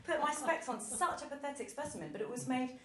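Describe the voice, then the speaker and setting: A woman's voice: high voice, lively intonation, fast, a loud crowd. A woman doing stand-up, telling a self-deprecating story on stage and laughing as she goes. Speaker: stand-up comedian. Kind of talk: live storytelling comedy set. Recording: roomy live venue.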